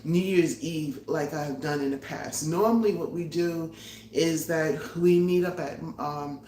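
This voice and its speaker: A middle-aged woman hosting a casual live cooking stream from her home kitchen, chatty and excitable, laughing often and a little out of breath. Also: low voice, unhurried, roomy sound, a little hiss or hum. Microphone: phone or camera on a tripod.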